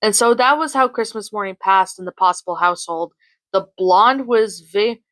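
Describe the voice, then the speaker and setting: A woman narrating a fan fiction story in an even, unhurried way, with small slips now and then. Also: medium pitch, dry recording, rough recording.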